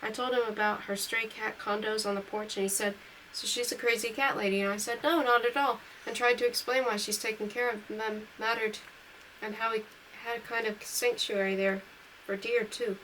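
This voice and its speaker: A woman's voice: on the high side, steady tone, moderate pace, a little hiss or hum, poor audio. A woman reading a novel aloud, lifting her voice a little for the dialogue and correcting her own slips as she goes. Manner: reads dialogue lines a little louder and livelier than narration. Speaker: audiobook reader. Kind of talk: amateur read-aloud of a novel.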